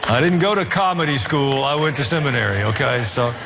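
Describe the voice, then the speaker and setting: A man's voice: mid-range voice, animated, fairly quick, background noise. A male pastor preaching a sermon, earnest, with dry asides and a rise to emphatic, fervent delivery. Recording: reverberant hall.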